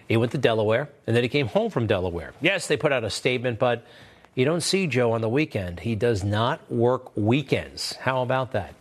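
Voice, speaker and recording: Male TV news host, mid-pitched voice, sarcastic and combative delivery, repeats lines for punch, opinion commentary. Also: lively intonation, moderate pace.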